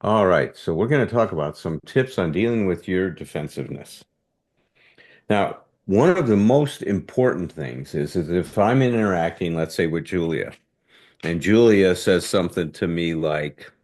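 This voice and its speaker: A man's voice: low voice, lively intonation, normal speed, darkish tone. A man teaching a relationship workshop in a conversational way, sometimes acting out what defensive speech sounds like. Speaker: workshop leader.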